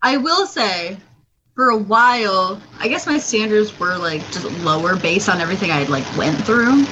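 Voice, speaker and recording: A woman's voice: mid-range voice, expressive, normal speed, bright, forceful tone, highs cut off. A woman co-hosting a podcast, talking in a chatty, upbeat casual way. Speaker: podcast co-host. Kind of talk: casual chat. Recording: faint background noise.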